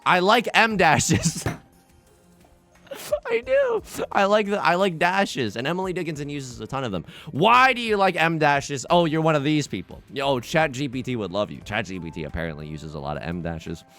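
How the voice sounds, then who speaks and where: A man's voice: medium pitch, gravelly. Young guy streaming a game, bouncy voice all over the place, jokes with chat, bit of music underneath. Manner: animated, jokey, talks to chat, sudden loud outbursts. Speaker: let's play streamer. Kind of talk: casual game commentary.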